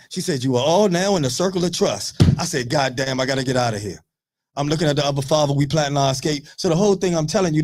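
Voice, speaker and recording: A man in his thirties on a radio talk show, telling profane, animated stories in casual chat. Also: fairly high pitch.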